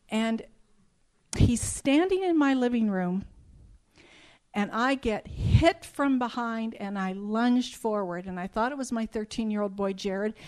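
A woman's voice: medium pitch, darkish tone. A middle-aged woman giving a spoken testimony to an audience, telling her story emphatically and acting out the dialogue. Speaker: speaker telling a personal testimony.

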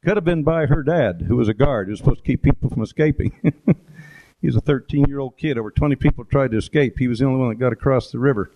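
A man's voice: mid-range voice, quick pace. Rambling man giving an anecdotal talk. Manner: rambling, anecdotal, with fillers and asides. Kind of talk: informal presentation with photos. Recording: dull lo-fi recording.

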